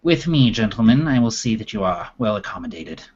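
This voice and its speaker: A man voicing a stern, blunt male elf aide in a tabletop game, measured and warning in tone. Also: fairly low pitch, sing-song, a little mellow, husky. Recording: dull lo-fi recording.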